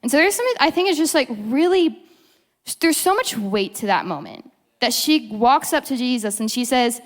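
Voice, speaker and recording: A young woman with a fairly high voice gives a casual devotional talk, chatty and full of fillers. She often slips into acting out the quotes she tells. Her voice carries a long reverb, as if she is in a large hall. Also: expressive, normal speed. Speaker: program teacher giving a devotional talk.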